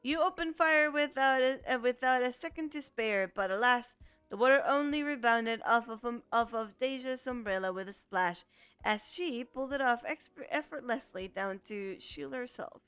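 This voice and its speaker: A woman reads game narration aloud in a smooth, crisp voice that sits a little high. She stumbles and restarts often as she goes. It sounds dry and close to the mic, with faint music underneath. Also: moderate pace, fairly bright tone, no echo. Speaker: let's play streamer. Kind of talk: reading a visual novel aloud.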